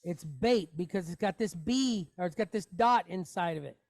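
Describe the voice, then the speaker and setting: A woman's voice: fairly low pitch, expressive, moderate pace, a little mellow, no room sound, studio quality. A woman teaching a Hebrew reading lesson, patiently explaining each letter and asking the class questions.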